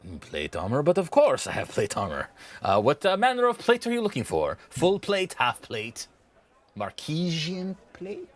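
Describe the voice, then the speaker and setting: A man voicing a smooth-talking male armor merchant who pitches his wares with salesman patter. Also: wildly swooping pitch, moderate pace. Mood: eager salesman. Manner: salesman patter, drops to a confiding hush.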